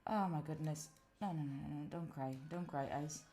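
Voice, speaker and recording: A woman from Italy, native language Italian, talks to her stream viewers casually while setting up, thinking aloud and addressing chat directly. She has a deep, warm voice at a moderate pace, with slight background noise.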